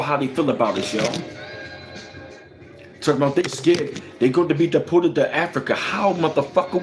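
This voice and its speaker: A man ranting on a livestream, his pitch leaping up and down with every rhetorical question. He swears freely, answers viewer comments and hammers each point home. Faint music plays behind him. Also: very animated, brisk. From United States. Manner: profane and emphatic, firing off rhetorical questions; reads out viewer chat comments. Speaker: livestream host.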